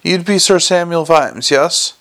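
A man's voice: on the high side, a little slow, a bit bright. A man voicing a fussy, cheerful little old male herald who twitters eagerly.

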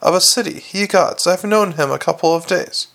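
A man's voice: sits high, normal speed, vocal fry, fairly bright tone. A man reading aloud, voicing a wary, guarded young female constable who speaks tersely.

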